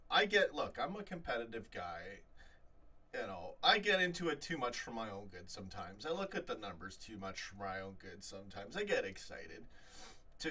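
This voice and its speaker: A man hosting a live fan chat stream, reading out viewer comments in an animated, rambling way full of restarts. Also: mid-range voice, distant mic. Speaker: fan channel host.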